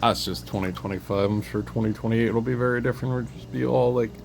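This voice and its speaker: A man talking alone in a meandering monologue, drifting between thoughts and breaking in with sudden loud interjections. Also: medium pitch, steady tone, fast talker, gravelly. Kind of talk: rambling solo monologue.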